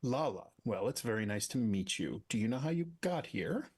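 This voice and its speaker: A man speaks in character at a tabletop game, gentle and friendly. His voice is a little husky and rises and falls freely. He sounds patient as he coaxes someone along. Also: medium pitch, very animated, moderate pace. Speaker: player. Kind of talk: in-character tabletop role-play.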